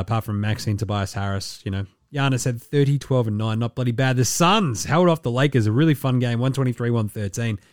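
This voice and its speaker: A man's voice: mid-range voice, dry recording. Male podcast host, casual sports chat, irreverent and sweary, mid-range voice, dry close mic. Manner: loose, sweary and joking.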